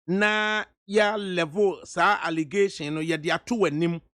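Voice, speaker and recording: A man's voice: high-pitched, steady tone, unhurried, a bit bright, dry recording. A man with a Ghanaian accent, hosting a radio interview and pressing his guest with probing questions in Twi and English. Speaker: radio host. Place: radio studio.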